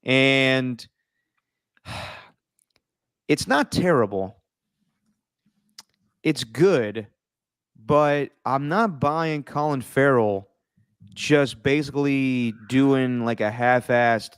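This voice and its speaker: A man co-hosting a casual podcast chat, animated and mocking, tossing in quick impressions. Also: medium pitch, clean tone, no room sound, clean studio sound. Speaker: podcast co-host.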